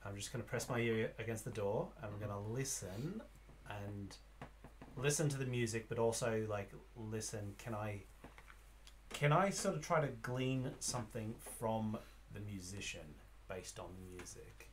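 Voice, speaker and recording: A man's voice: on the low side, moderate pace, slight background noise. A man playing a tabletop game, describing his character's actions in a rambling, hesitant way. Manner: rambling, hesitant, full of fillers. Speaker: player.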